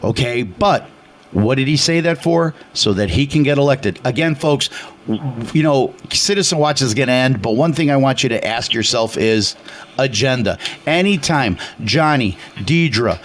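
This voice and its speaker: A man's voice: mid-range voice, expressive, moderate pace. Guy hosting a talk radio show, medium voice, rambly and opinionated, lots of uhs. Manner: opinionated, rambling storyteller with many fillers. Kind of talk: casual political talk radio.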